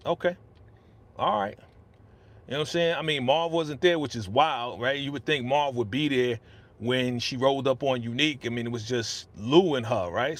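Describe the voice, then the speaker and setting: Speaking close into a studio podcast mic, a man hosts a live stream at an easy, chatty clip, his slightly bright voice pitched in an ordinary middle range. His casual commentary is full of slang and loose asides, and he reads viewer comments aloud.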